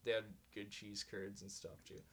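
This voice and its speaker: A chatty man co-hosting a casual podcast, with a bright, forceful voice. He rambles, fills pauses with "like" and "um", and laughs often as he tells stories. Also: lowish voice, monotone. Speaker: podcast co-host. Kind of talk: casual chat.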